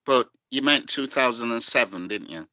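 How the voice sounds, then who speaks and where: A man's voice: medium pitch, animated, moderate pace, sharp tone, poor audio. A man hosting an online meeting, politely and apologetically interrupting to correct the speaker. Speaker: meeting host.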